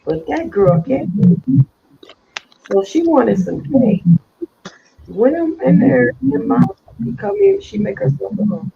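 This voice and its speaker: A woman co-hosting a casual podcast chat, telling rambling, animated stories with many restarts in a very husky, gravelly voice. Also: high voice, slow pace, pauses often, a little hiss or hum. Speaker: podcast co-host. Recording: dull lo-fi recording.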